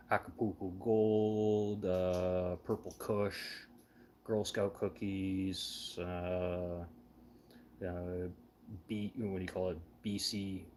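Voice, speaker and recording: A man with a fairly low voice spins loose, meandering stories in casual chat. He swears often and laughs at his own tales. A faint background hum sits under the voice. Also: darkish tone. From Canada. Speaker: show host.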